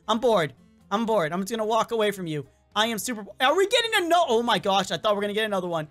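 A woman giving chatty, excitable game commentary and talking to the characters, her voice worn and cracking with a cough. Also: mid-range voice, fast talker, soft background music. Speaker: gameplay commentator.

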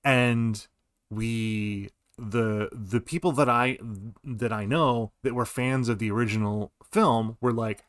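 A man's voice: mid-range voice, takes it slowly, fairly bright tone, no room sound, clean studio sound. A man in his forties giving casual, rambling commentary while streaming a game. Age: 40s. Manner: rambling, digressive.

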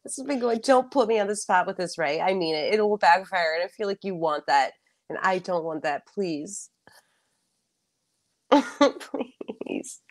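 Young woman, flustered chat, nervous laughter, lowish pitch. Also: fairly quick. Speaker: guest. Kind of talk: casual live-stream banter.

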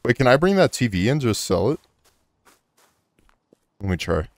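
A man casually chatting and swearing excitedly while playing a co-op video game. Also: medium pitch, normal speed, no echo. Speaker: gameplay streamer. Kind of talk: casual co-op gameplay chat.

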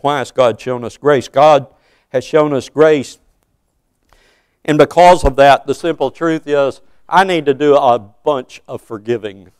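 A man's voice: on the high side, clean tone, dry recording. A man in his sixties preaching a sermon in a church, earnest and putting questions to his congregation. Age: 60s.

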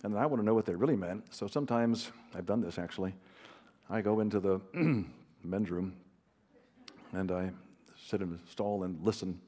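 A man with a dark-toned voice on the low side speaks at a moderate pace, leaving long pauses. He's a Christian author and counselor teaching a large live audience in a conversational way, with fillers and restarts, blending anecdotes with self-deprecating humor.

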